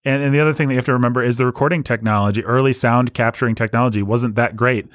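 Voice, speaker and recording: A man's voice: medium pitch, fairly even intonation, rapid-fire, a bit bright, no room sound, clean studio sound. A man co-hosting a casual film podcast, explaining at length with frequent restarts. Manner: talkative, explanatory, many restarts. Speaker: podcast co-host.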